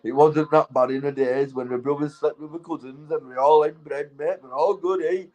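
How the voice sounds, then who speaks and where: A man's voice: fairly high pitch, steady tone, moderate pace, mellow, lo-fi sound. A man with a Yorkshire accent from England, stoned and tipsy, rambling, swearing and laughing as he chats casually with viewers on a livestream. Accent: Yorkshire English. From Keighley, Yorkshire, England. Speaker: livestream host.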